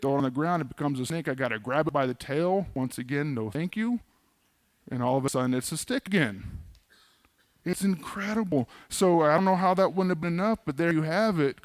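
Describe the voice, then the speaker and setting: Male pastor, relaxed conversational sermon delivery, fairly high voice, dry close sound, joking asides. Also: dry recording. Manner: conversational with casual humorous asides. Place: church.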